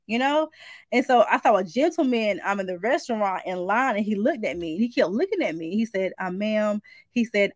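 An adult woman, sharing a dream in a casual spoken message, animated and informal, acting out the voices as she tells it. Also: mid-range voice, brisk, dry recording. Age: adult, married mother. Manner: animated storytelling, shifts into acted quotes, informal speech. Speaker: Christian speaker sharing a prophetic dream.

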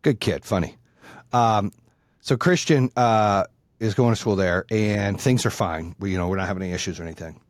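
A middle-aged man telling a long story in a casual, animated, profane way. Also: lowish voice, normal speed, no echo. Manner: profane, animated, acts out the people in his story.

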